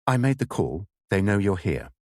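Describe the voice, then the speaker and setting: A man's voice: on the low side, big pitch swings, moderate pace, a little mellow, no echo, clean studio sound. A man voicing a curt, wary English village schoolteacher woman who speaks in a clipped, firm way. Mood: firm, brisk.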